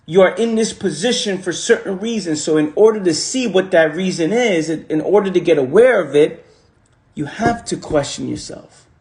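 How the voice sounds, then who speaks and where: A man's voice: sits high, expressive, moderate pace, a little mellow. A man giving a casual motivational talk on a phone livestream, repeating lines for emphasis and using slang. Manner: repetitive, emphatic, preachy. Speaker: motivational speaker.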